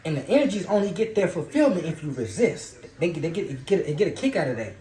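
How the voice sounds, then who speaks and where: A man's voice: on the high side, big pitch swings, a little fast, mellow. A man giving a loose, profane, preachy spiritual monologue in casual talk. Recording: roomy echo.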